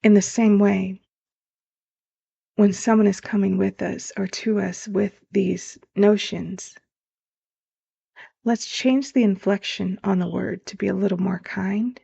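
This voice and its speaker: A woman's voice: mid-range voice, fairly even intonation, measured pace, gravelly, warm tone, husky. A woman hosting a motivational podcast as a life coach, talking earnestly and straight to her listeners. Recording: dull lo-fi sound.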